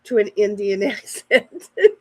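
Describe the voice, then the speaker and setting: A woman's voice: mid-range voice, lively intonation, measured pace, rough recording. A woman chatting casually outdoors to viewers on a livestream, rambling as she answers comments from her chat on a phone. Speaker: livestream host. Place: outdoors in a backyard.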